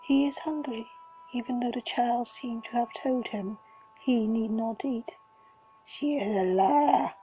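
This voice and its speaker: A woman reading a fantasy story aloud in a breathy, dramatic whisper. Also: on the high side, warm tone, a little hiss or hum, low-quality recording. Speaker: reader.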